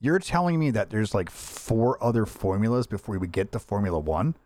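A man's voice: lowish voice, big pitch swings, normal speed, a little mellow, no room sound. A man hosting a casual podcast chat, talking in a rambling way with lots of restarts and fillers. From United States. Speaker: podcast host.

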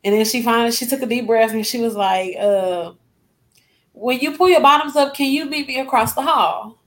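Guest, young woman, fairly high voice, emotional first-person storyteller who acts out the dialogue. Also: moderate pace. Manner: emotional retelling with acted-out quotes.

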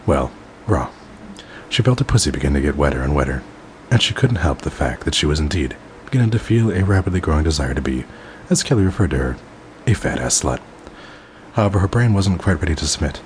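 A man hosting a comic reading, narrating deadpan with wry asides. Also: very deep voice, quick pace, slight background noise, low-quality recording. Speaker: host reading stories.

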